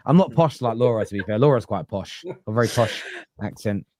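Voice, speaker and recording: A man's voice: fairly low pitch, animated, brisk, darkish tone, no echo, studio quality. A man with a London accent hosting a casual football podcast, chatting and reading viewer comments aloud. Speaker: podcast host. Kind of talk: casual panel chat.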